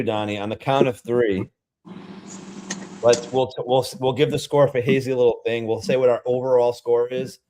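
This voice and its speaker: A man's voice: mid-range voice, steady tone, normal speed, mellow. A man with a Rhode Island accent hosting a casual beer-tasting livestream, rambling chattily with lots of fillers.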